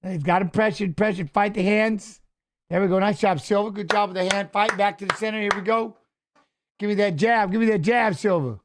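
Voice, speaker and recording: A middle-aged man hosting a fight watch-along, chatting casually and coaching the fighters aloud with excited calls. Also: sits high, brisk, background noise. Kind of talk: casual live fight commentary.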